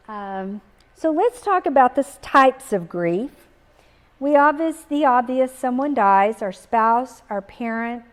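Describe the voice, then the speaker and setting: A middle-aged woman, giving a gentle, reflective talk on grief, pausing often and repeating key phrases. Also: on the high side. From Texas. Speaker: speaker on grief. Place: live talk in a community setting.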